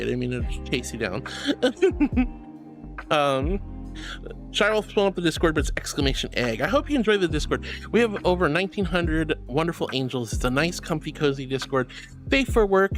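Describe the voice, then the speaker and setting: A woman live-streaming and chatting casually with viewers, affectionate and giggly, calling them sweetheart and hon. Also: deep voice. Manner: giggly, bubbly. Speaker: livestreamer.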